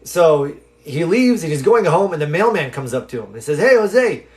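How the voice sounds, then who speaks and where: A live streamer answering viewer questions tells a story at a moderate pace, his voice fairly high. He's animated, playing out the voices of the people he quotes, and his talk is loose and chatty with fillers and restarts.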